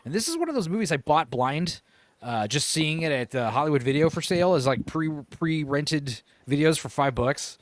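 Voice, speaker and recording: A man hosting a casual podcast, chatting about movies in a rambling way, with many pauses and self-corrections. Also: fairly high pitch, sing-song, dry recording. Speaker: podcast host.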